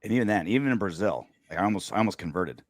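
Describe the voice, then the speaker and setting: A man co-hosts a casual post-game sports podcast and keeps up crude jokes with his co-host. His voice sits low, yet it swings widely in pitch. The sound is close and dry. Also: lively intonation, rapid-fire, no room sound. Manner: joking, crude banter.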